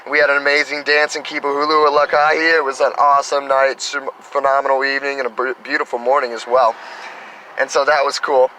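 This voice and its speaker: Vlogger, man in his thirties, bright forward tone, meandering and upbeat, outdoors with faint traffic behind. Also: mid-range voice, level tone, brisk, poor audio. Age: 30s. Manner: enthusiastic, meandering, spiritual self-talk. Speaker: spiritual vlogger. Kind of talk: rambling casual monologue.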